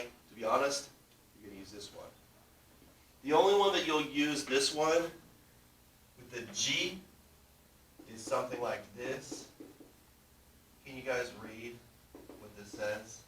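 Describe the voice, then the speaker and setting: A man's voice: mid-range voice, measured pace, pauses often, fairly bright tone. A man teaching a class, explaining step by step and often checking that students follow. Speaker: language teacher. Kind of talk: classroom lesson. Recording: roomy, distant, faint background noise.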